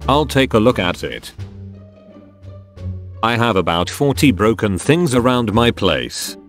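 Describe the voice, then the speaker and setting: A man's voice: lowish voice, animated, measured pace, faint music behind. A man reading a text-message fan story aloud, voicing several chat characters in turn. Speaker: fan fiction narrator.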